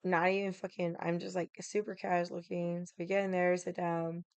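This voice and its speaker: Woman ranting to her stream chat, cussing a ton, smooth clear voice, dry close sound. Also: fairly low pitch, little pitch movement, normal speed, dry recording. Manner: chatty, swears a lot, many fillers. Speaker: livestream host. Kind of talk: casual storytelling to a live chat. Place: home room.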